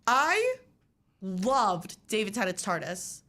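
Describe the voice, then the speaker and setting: Young american woman on college radio, rambly and jokey, bright punchy voice. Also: medium pitch. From United States. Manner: animated, rambling, jokey, quick to act out quotes. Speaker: guest. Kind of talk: casual radio chat. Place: radio studio.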